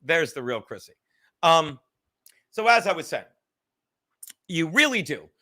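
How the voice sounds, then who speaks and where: Bright, rambling, profane man. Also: on the high side, sing-song, unhurried. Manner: rambling, profane, joking with the chat. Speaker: livestream podcast host. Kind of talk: casual livestream chat with viewers.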